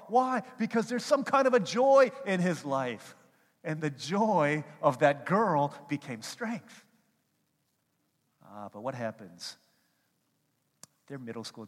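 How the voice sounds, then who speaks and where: A male pastor preaching a sermon, telling animated stories and acting out quotes as he goes. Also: mid-range voice. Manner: animated storytelling with acted-out quotes. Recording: long hall reverb.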